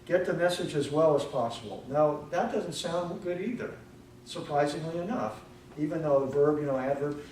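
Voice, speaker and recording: A man evaluating speakers' grammar at a club meeting, correcting words with a dry joking manner and slow careful pronunciation. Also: on the high side, a little mellow, a little hiss or hum. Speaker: grammarian and ah counter. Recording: echoey room from far off.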